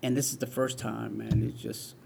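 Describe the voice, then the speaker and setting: Gravelly man in his forties telling his story. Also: mid-range voice, level tone, normal speed, darkish tone, slight background noise. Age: 40s. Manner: earnest, storytelling with filler "man" and "right". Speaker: interview guest.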